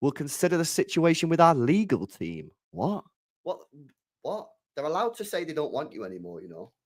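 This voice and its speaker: A young man talks through football transfer news in a loose, animated rant. His voice sits a little high for a man. He swears freely and stumbles over repeated words as he reacts. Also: moderate pace. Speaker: football fan channel host.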